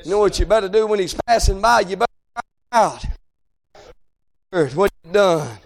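A man preaching a fiery revival sermon, shouting and chanting in a drawn-out preacher cadence. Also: sits high, lively intonation, vocal fry.

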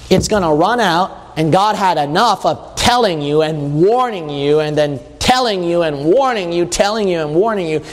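A man's voice: sits high, long reverb tail. A man preaching a sermon, reading scripture aloud and asking his listeners questions in a conversational way.

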